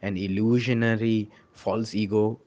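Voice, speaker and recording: A man's voice: lowish voice, unhurried. Preacher guy, earnest sermon, keeps saying right?, muffled lo-fi sound. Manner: earnest, animated, often asks "right?". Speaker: monk preacher. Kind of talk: sermon with storytelling.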